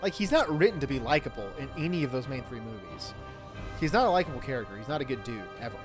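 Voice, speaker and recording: A man's voice: medium pitch, animated, quick pace, over music. A man co-hosting a casual reaction stream, talking in a crude, joking, rambling way over the film they are watching. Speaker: co-host.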